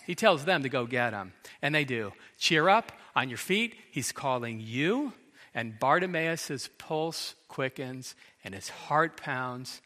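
A middle-aged pastor with a mid-range, sharp, animated voice preaches slowly, telling the story dramatically and acting out the quoted lines. A long hall reverb surrounds him.

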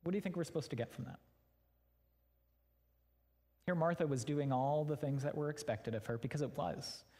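A man's voice: a little high, moderate pace, pauses often, darkish tone. Man preaching in a reverberant hall. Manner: conversational, candid, addresses listeners directly. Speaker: pastor. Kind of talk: sermon. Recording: long reverb of a large hall.

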